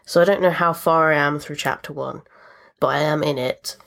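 A woman with a notably low voice talks through her recent games in a loose, rambling podcast chat. She wanders through asides and fillers. She sounds like a regular host settled into easy conversation. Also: steady tone, normal speed, creaky, a bit bright. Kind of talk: casual chat about video games.

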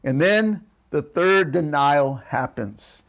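A high-pitched male pastor preaching a streamed sermon. He exhorts his congregation, asking them again and again to respond and say amen, and retells the story with emphatic repetition. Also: expressive, slow pace, fairly bright tone. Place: church service streamed online.

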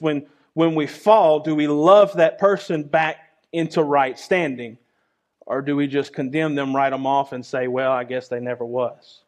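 A man preaches a sermon, his voice sitting a little higher than most men's. He talks to the congregation earnestly and conversationally and keeps circling back to the same phrases.

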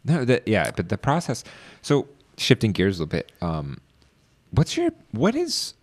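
A man's voice: on the low side, huge pitch swings, moderate pace. A man interviewing an artist in a casual, enthusiastic way, with lots of fillers.

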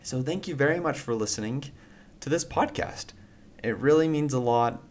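A man's voice: medium pitch, moderate pace. A man hosting a podcast in a casual, rambling way, full of fillers and restarts. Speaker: podcast host.

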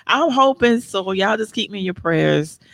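A woman's voice: mid-range voice, lively intonation, moderate pace, creaky, a bit bright, no echo. A woman hosting a casual live stream, reading out viewer comments and getting emotional. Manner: emotional, exclaims and gets teary.

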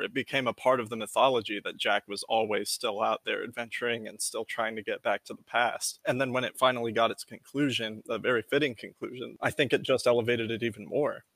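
Man, podcast co-host, bright tone, casual debate, filler words. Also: mid-range voice, steady tone, fairly quick, no echo. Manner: argues points at length with fillers. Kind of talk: casual chat.

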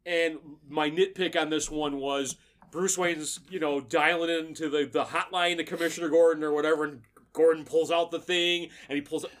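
A man's voice: on the high side, steady tone, normal speed, a bit bright. Opinionated male podcast host. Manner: opinionated, steers the talk. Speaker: podcast host running the segments. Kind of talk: casual chat.

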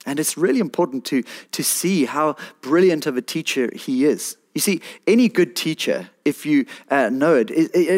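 A man preaching, his voice pitched a little high for a man. He talks in an animated, pleading way and builds to emphatic peaks. It sounds like a sermon from a pastor to his congregation.

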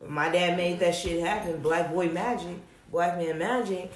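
A young woman with a fairly low voice talks candidly, cursing freely and telling stories with lively emphasis. The sound is roomy, with a noticeable echo around her. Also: measured pace. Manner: blunt, profane, animated storytelling. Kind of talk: casual candid chat.

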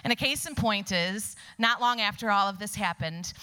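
A woman giving a personal testimony to a church congregation, telling her story with animation and dropping into soft whispers for emphasis. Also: mid-range voice, moderate pace, clean tone. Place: church sanctuary before a congregation.

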